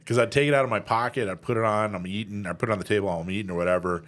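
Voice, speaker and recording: A man's voice: fairly low pitch, racing, fairly bright tone. A man hosting a casual podcast, joking around and rambling with fillers like "uh" and "you know". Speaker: podcast host.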